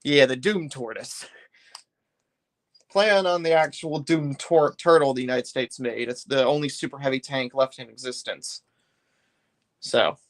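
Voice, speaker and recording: A man's voice: mid-range voice, a little slow, pauses often. A man chatting casually on a live stream while building a brick set, rambling loosely and often trailing off mid-thought.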